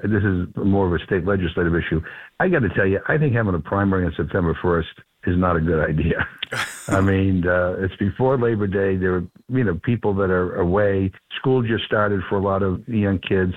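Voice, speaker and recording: A man with a deep, low voice speaks over a thin, tinny phone line. He talks earnestly and with emphasis, often restarting his sentences, like a lawmaker called in to a radio show. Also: fairly quick. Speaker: congressman guest.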